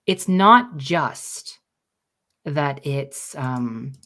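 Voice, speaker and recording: A woman with a very low voice co-hosts a casual podcast. She explains her points in an earnest, careful way. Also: animated, very slow, fairly bright tone. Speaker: podcast co-host. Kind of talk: casual chat.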